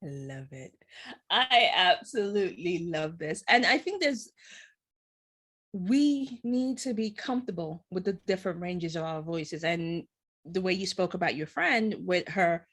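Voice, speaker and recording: A woman's voice: lowish voice, animated, a little slow, a bit bright. A woman hosting an interview show, asking long, reflective, open questions. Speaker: podcast host.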